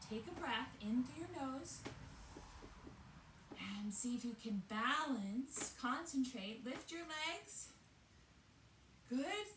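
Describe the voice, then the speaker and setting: Woman, kids' yoga instructor, slightly high voice, slow and encouraging storybook delivery. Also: roomy sound, far from the mic, a little hiss or hum. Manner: gentle, encouraging, sing-song teacher's voice. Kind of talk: reading a picture book aloud and leading kids' yoga.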